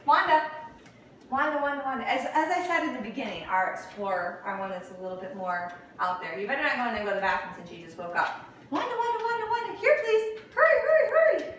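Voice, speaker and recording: A woman's voice: medium pitch, fairly bright tone, distant mic. A woman dog trainer chats casually and coaxes a puppy with lilting, sing-song calls. She sits some way from the mic in a very echoey room, with a faint hiss behind her.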